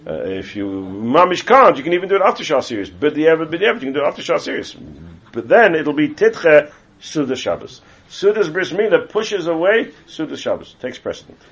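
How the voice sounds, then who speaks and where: A man leads a class on Jewish law in a husky, slightly rough voice. He explains the texts and repeats himself as he works through them. The recording is dull and lo-fi. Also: medium pitch, fairly bright tone. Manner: explains texts, switches between English and Hebrew terms, repeats phrases. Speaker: teacher leading a Torah class.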